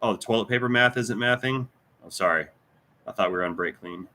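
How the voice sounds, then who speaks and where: Floridian Southern man, mechanic host; chatty, rambling, jokey; lowish and bright. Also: fairly quick, a little hiss or hum. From American South. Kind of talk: casual livestream Q&A chat.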